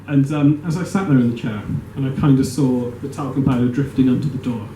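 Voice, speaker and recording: A man performing a stand-up comedy set in a small venue, rambling and self-deprecating, with an animated delivery. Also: mid-range voice, a little fast, few pauses. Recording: echoey room with audience noise. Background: audience laughter.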